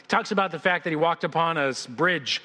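A man's voice: on the high side, a little fast, bright, forceful tone, long reverb tail. A man preaching a sermon as senior pastor to a church congregation. He talks in a conversational, joking way, with frequent restarts. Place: church sanctuary.

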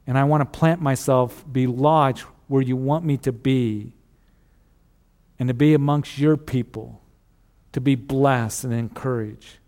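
A man preaching a sermon, earnest and steady, repeating key phrases and dropping to a hush on solemn lines. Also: medium pitch, a little slow. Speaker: pastor.

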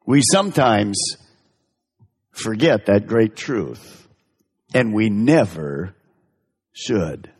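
A man preaching a sermon as pastor, stressing words with drawn-out emphasis. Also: animated, darkish tone, breathy edge. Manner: emphatic, drawn-out stresses with big pitch swings. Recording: reverberant hall.

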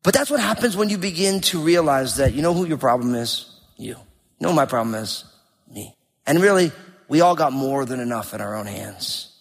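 A middle-aged man preaching a sermon with emphatic, animated delivery and rhetorical questions. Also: mid-range voice, a little fast, vocal fry. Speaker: pastor. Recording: long hall reverb.

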